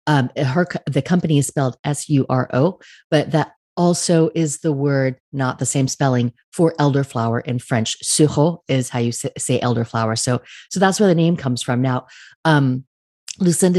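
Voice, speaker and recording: A man hosting an interview podcast from a studio, friendly and a little halting, with frequent restarts. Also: mid-range voice, a little mellow, no echo. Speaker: podcast host.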